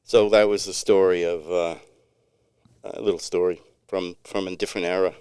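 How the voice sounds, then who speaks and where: A man's voice: low-pitched, level tone, moderate pace, darkish tone, smooth, no echo, clean studio sound. A middle-aged man co-hosting a podcast, telling a long story in a rambling, laid-back way with many restarts. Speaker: podcast co-host. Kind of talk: casual storytelling chat.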